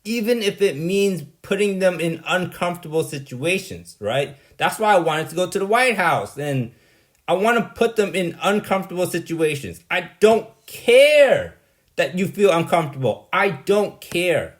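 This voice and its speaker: A man's voice: high-pitched, sing-song, normal speed. A man delivering a rambling, blunt monologue, dismissive and exasperated, often tagging "right?" onto his points. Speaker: vlogger.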